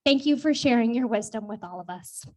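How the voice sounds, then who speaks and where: A woman's voice: a little high, expressive, fairly quick. A woman giving heartfelt, formal sponsor remarks at an awards event, a little out of breath. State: slightly out of breath. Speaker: sponsor executive.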